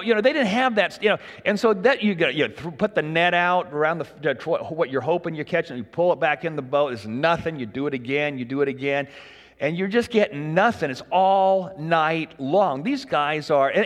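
A man delivering a casual, joking sermon to his congregation, his voice sitting a little high for a man. It rings with the long reverb of a church hall. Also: animated, a little fast, a bit bright. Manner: folksy, conversational, jokes with the congregation. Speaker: pastor.

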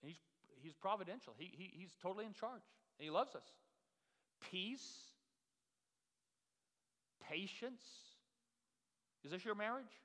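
A man's voice: high-pitched, lively intonation, unhurried, long pauses, a bit bright, big-room sound. A middle-aged man preaching a sermon in a conversational way, full of fillers and restarts. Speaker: pastor.

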